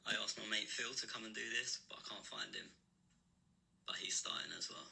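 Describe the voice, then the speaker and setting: A jokey footballer with a dodgy Cockney accent, as a man puts it on, talking in a gravelly, piercingly bright voice. Faint background noise sits under the played clip. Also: on the low side, steady tone, fairly quick, full character voice, rough recording. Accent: put-on Cockney.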